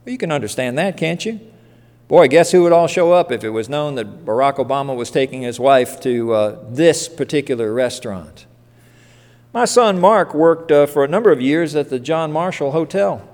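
A man's voice: a little high, a little mellow. An older man preaching a sermon in a conversational, storytelling way, with casual asides. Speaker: pastor. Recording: long reverb of a church hall.

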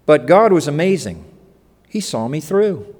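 A pastor preaching a sermon in a folksy, joking way, acting out quotes, in a church hall. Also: male voice, on the high side, measured pace. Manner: folksy, animated, joking asides and acted-out quotes.

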